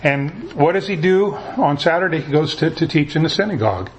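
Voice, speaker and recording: A man's voice: on the high side, a little fast, a little hiss or hum. A man preaching a sermon as pastor, talking in a conversational way and often repeating words as he restarts.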